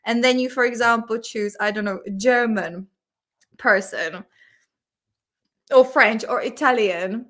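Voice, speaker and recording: Giggly Czech-accented woman, bright voice. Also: a little high, measured pace, long pauses. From Czech Republic. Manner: giggly, chatty, lots of fillers. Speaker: host. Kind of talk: casual chat with viewers.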